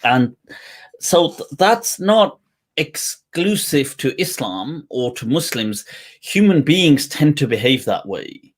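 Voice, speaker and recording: Slow, laid-back man hosting a live chat. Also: mid-range voice, very animated. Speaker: host. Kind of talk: casual live-stream chat.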